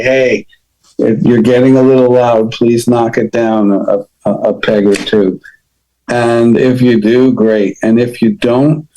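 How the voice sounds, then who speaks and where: A man's voice: mid-range voice, dark tone, low-quality recording. A middle-aged man hosting a podcast, giving an earnest self-help talk on setting boundaries and acting out example dialogue. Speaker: podcast host.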